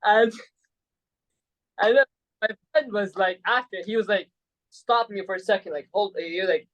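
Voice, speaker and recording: Here the Saudi podcast guest's voice sits high and is a bit bright, moving at a normal pace, though the recording has its highs cut off. Chatting casually, he rambles through his story, filling gaps with "like" and tacking "right?" onto lines.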